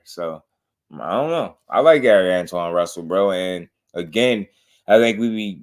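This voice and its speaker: A man with a fairly low voice talks boxing in a casual, unhurried way. He reacts to clips as the show's host and keeps checking that listeners follow him. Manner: laid-back, repeats "you know what I mean".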